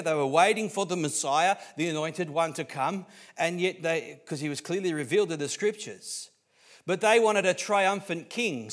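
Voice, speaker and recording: A man with an Australian accent preaching a sermon as pastor, swinging between hushed lines and loud, emphatic ones, often restarting his words. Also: high voice. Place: church.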